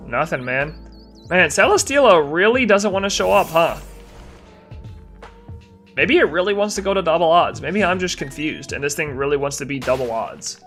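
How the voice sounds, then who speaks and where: A man's voice: a little high, expressive, moderate pace, a bit bright, soft background music. A young man live-streaming a game, tired and yawning, chatting casually and answering chat while he plays.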